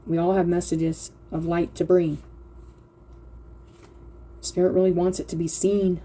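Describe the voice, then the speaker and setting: Earnest lady doing an oracle card reading, low husky voice, reads slow and keeps talking to her viewers. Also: flat delivery, warm tone. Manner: earnest, slow reading aloud, often addressing "you guys". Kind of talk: casual spiritual card reading.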